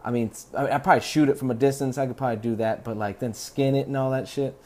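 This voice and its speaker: A man's voice: mid-range voice, steady tone, quick pace, a little mellow. A man hosting a podcast, telling stories in a rambling, profane, laid-back way. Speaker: podcast host. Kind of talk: casual rambling monologue.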